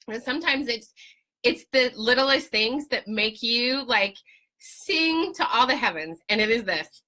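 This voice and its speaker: A woman's voice: a little high, expressive, normal speed, sharp tone. A woman hosting a live video stream from home on a webcam, chatting with viewers in a casual, profane way.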